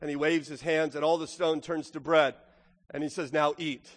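High-voiced animated male preacher in echoing hall. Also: normal speed. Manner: animated, swings from loud to hushed, acts out quotes. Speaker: pastor. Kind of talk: sermon. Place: church sanctuary. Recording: long hall reverb.

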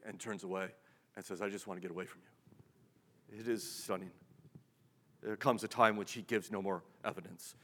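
A man preaching a sermon as pastor, conversational, with rhetorical questions and dramatic drops to a hush. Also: medium pitch. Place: church sanctuary. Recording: long reverb of a large hall.

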